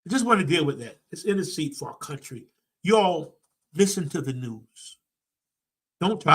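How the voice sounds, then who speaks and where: A man's voice: high-pitched, very animated, normal speed, long pauses, a bit bright, breathy edge. Emphatic man preaching with repeated phrases. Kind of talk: sermon-style commentary.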